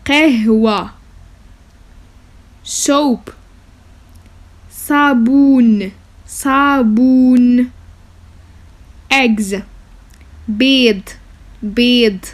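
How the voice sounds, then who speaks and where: A woman teaching beginner vocabulary, saying each word slowly and repeating it, often checking in with "okay?". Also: fairly high pitch. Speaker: language teacher. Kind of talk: slow vocabulary lesson with repetition.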